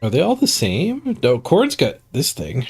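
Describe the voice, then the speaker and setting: A man's voice: mid-range voice, wildly swooping pitch, a little slow, creaky, a little mellow, breathy edge, faint music behind. A man streaming a game, reading stats and musing casually to himself, a bit stuffed up. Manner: muttering to himself, chuckling at stats. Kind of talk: casual gameplay commentary.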